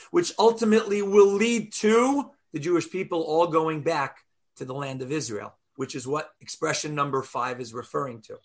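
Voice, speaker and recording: A man teaching a weekly Torah class over a video call, telling stories and acting out quotes with lively jumps in his voice. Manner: animated storyteller, acts out quotes with big pitch jumps.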